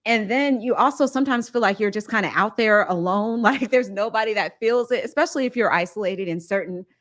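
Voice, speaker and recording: A woman's voice: mid-range voice, brisk, a bit bright. A woman from Ohio hosting an interview, talking earnestly and with feeling, trying not to cry. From Ohio, USA. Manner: earnest and heartfelt, holding back tears. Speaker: host. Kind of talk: emotional interview chat.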